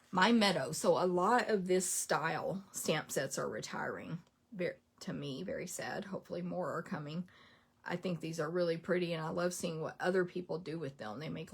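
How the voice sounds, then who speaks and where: A woman's voice: fairly low pitch, slightly rough. A woman chatting casually as she runs through a list of craft products, with lots of "like" and "um".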